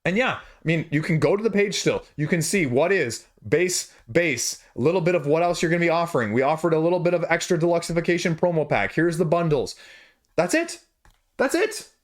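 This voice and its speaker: A man's voice: a little high, fast talker, hardly any pauses. A man hosting a board game channel, ranting casually to camera in a passionate, emphatic way, his voice jumping when he gets worked up. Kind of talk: casual opinion rant to camera.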